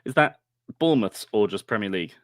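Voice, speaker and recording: A man with a slightly low voice joins a casual football chat on a live stream. He talks hesitantly, stopping and restarting his sentences. The sound is dry, with no room echo. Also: animated. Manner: hesitant, halting. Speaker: podcast co-host.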